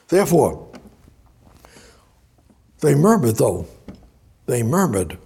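A man delivers a sermon as a Bible study, reading scripture aloud conversationally and repeating words. His voice is on the high side, expressive, gravelly and husky yet warm, and he speaks a little slowly with long pauses.

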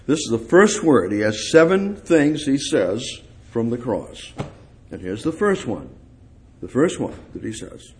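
A male preacher delivering a sermon at an unhurried pace. His pitch moves a lot as he swells on key words and falls away again. He repeats short phrases over and over to drive them home. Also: sing-song, a little mellow. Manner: halting, repeats phrases for emphasis; rises and swells on key words, then drops low.

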